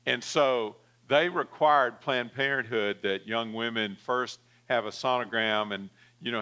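A man's voice: fairly low pitch, sharp tone. A male pastor delivering a sermon, telling a story with frequent fillers and calling for an amen.

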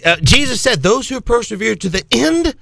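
A man's voice: very high-pitched, very animated, moderate pace, gravelly, bright, forceful tone, dry recording, clean studio sound. A man hosting a radio show, preaching fervently with exclamations and rhetorical questions.

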